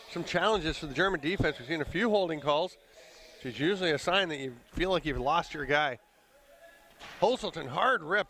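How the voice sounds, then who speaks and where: A man calling a live lacrosse game play by play, brisk and conversational, with the odd chuckle. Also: a little high, bright, forceful tone. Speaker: play-by-play commentator. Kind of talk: live sports commentary.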